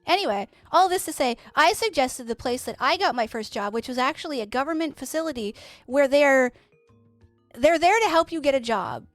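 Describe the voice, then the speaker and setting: A woman's voice: high voice, lively intonation, normal speed, no echo, faint music behind. A woman from Canada, telling rambling stories with plenty of swearing while she streams a game. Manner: chatty, rambling, swears freely. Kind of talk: casual storytelling while playing a game.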